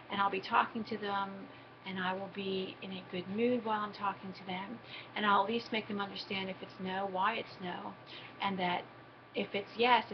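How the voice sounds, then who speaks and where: A middle-aged woman speaks in an earnest, practical tone as she explains parenting tips to her viewers. Her voice sits at an ordinary pitch for a woman. The recording is dull and lo-fi, with a steady noise underneath. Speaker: parenting advice host. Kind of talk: casual advice talk to camera.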